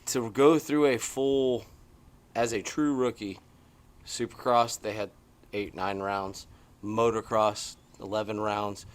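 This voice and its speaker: A middle-aged man co-hosting a podcast, chatting casually from a porch outdoors and telling stories with excited, swinging emphasis. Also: slow. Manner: animated, excitable storytelling with big swings in pitch. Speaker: podcast co-host. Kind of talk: casual chat.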